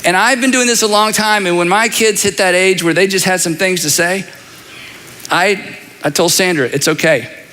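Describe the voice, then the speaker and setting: A middle-aged male pastor preaching a sermon in an animated, conversational way, repeating phrases and adding asides. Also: sits high, moderate pace, slight background noise. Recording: long reverb of a large hall.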